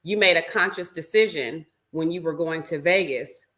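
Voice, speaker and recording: A woman's voice: low-pitched, normal speed, pushed and bright. A woman hosting a podcast over a video call, often breaking in to agree with her guest. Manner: affirming, frequent agreeing interjections. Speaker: podcast host. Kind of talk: casual interview.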